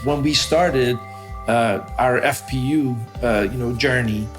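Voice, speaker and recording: A man from Iran sharing his personal story in a reflective, halting way with many fillers. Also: mid-range voice, faint music behind. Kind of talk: testimonial interview.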